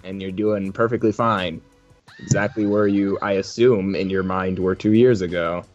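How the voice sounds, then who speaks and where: A man's voice: sits low, fairly even intonation, moderate pace, darkish tone. Laughing man running a tabletop game. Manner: laughing often, playfully teasing. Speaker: game master. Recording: muffled lo-fi audio with faint music.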